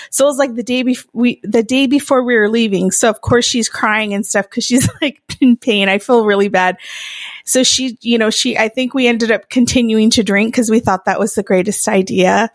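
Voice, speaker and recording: A woman's voice: a little high, normal speed, dry recording, studio quality. A young adult woman co-hosting a podcast, telling a wild story in casual chat, swearing freely and laughing often. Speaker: podcast co-host.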